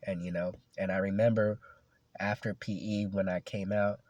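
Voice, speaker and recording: A man's voice: low-pitched, little pitch movement, moderate pace, darkish tone, dry recording. A young man casually telling a story from his school days, talking in loose slang with lots of "like" and "you know".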